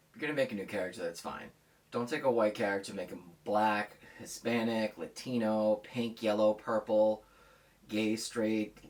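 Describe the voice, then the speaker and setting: A man's voice: fairly low pitch, a bit bright. A man in his thirties delivering a heated, profane, blunt rant as a vlogger. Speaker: comics vlogger. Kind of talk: casual ranting monologue.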